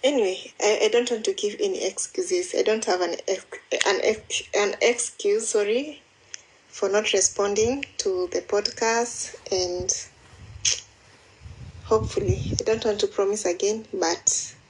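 A woman speaks slowly in a casual voice message, rambling and apologizing and restarting her sentences. A faint hiss of noise sits under her voice. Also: mid-range voice, low-quality recording. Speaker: listener replying by voice message.

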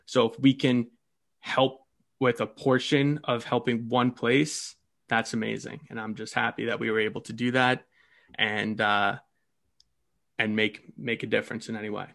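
A man co-hosting a casual podcast, talking in a rambling, halting way with many restarts. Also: medium pitch, level tone, creaky, fairly bright tone. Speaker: podcast co-host.

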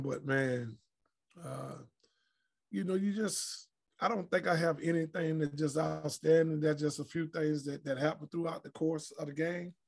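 A creaky, fairly high voice belongs to a middle-aged man who once played pro basketball. Appearing as a podcast guest, he relates blunt, foul-mouthed, animated anecdotes in an easygoing interview.

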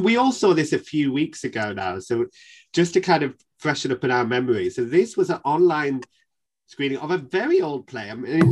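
A husky man with a Northern English accent hosts a panel chat. His voice is lively and ranges up and down as he talks in a chatty, quick way. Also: mid-range voice. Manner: chatty, quick, laughs easily. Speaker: podcast host.

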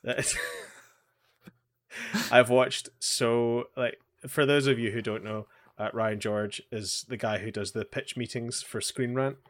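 A man co-hosting a casual podcast chat, talking in a halting way with many fillers and restarts, often chuckling through his stories. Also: medium pitch, fairly even intonation. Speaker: podcast co-host. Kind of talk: casual chat about anime and pop culture.

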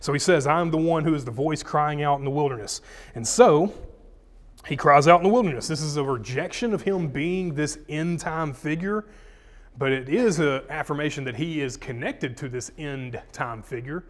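A man's voice: on the high side, normal speed. A man, a pastor teaching a sermon, casual and chatty with his congregation, reading scripture with rising emphasis.

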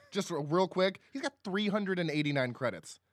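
A young man co-hosting a casual movie podcast, chatty and quick to agree, laughing often and swearing freely. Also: high-pitched, lively intonation, no echo, studio quality. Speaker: podcast co-host. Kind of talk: casual movie-review chat.

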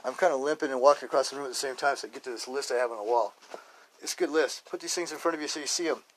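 A man's voice: mid-range voice, racing, a little hiss or hum. A man hosting his own podcast, rambling through a casual, joking monologue, laughing often and drifting between stories and life advice. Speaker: podcast host.

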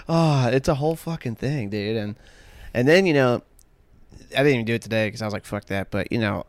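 A man co-hosting a podcast in loose, rambling chat, cursing freely and laughing between stories. His voice is smooth and clear, at a middling pitch. The recording is dry and close, with no room sound. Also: a little fast, dry recording. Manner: rambling, swears a lot, laughs often. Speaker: podcast co-host. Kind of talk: casual chat.

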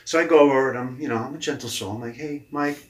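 A man, a leadership coach, telling his story casually in an interview. He talks lively, acts out quoted dialogue and swears casually. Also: medium pitch, racing. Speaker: leadership coach, podcast guest. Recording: echoey room.

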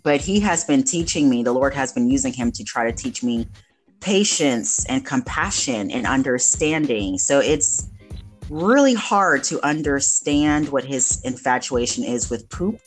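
A woman's voice: very deep voice, animated, unhurried, soft background music. A woman co-hosting a casual faith podcast, chatting in an upbeat, talkative way. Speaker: podcast co-host.

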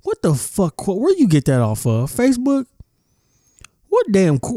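A man giving casual, blunt reaction commentary, swearing freely and often stopping to clear his throat. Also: sits high, wildly swooping pitch, a little slow, long pauses, mellow, no echo, clean studio sound. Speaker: commentary vlogger.

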